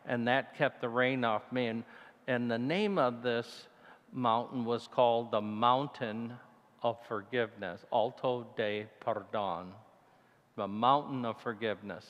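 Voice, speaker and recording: In a reverberant church, a deacon with Italian heritage gives a mission talk built around a personal story. He narrates in an animated male voice that shoots high when he recounts fear.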